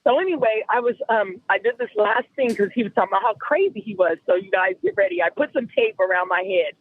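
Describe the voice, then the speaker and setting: A woman calling in to a show, telling a long story in an animated, rambling way over the phone. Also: medium pitch, quick pace, no echo. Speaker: caller. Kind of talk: call-in storytelling. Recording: tinny phone line.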